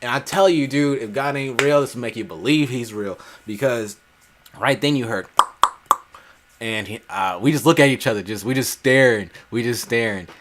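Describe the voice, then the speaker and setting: A man who hosts a gaming channel telling a personal story in a casual, animated way, laughing often and swearing freely. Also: medium pitch, moderate pace, background noise.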